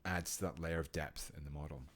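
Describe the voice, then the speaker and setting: A man's voice: rumbling low, a little fast, slight background noise. A British man giving a casual painting tutorial on a live stream, chatting with viewers as he works. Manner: relaxed and chatty, reading out viewer comments.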